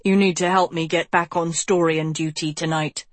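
A woman's voice: fairly low pitch, steady tone, normal speed, no room sound, lightly acted. A woman voicing a girl disguised as a boy, curt and cold, in an audiobook. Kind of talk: audiobook character voice.

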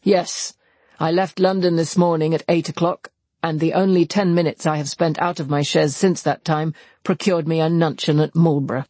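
A man reading aloud and voicing an earnest young gentleman confessing in an intense, serious way. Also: a little high, little pitch movement, normal speed, no echo, close to an everyday voice. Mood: calm. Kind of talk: audiobook character voice.

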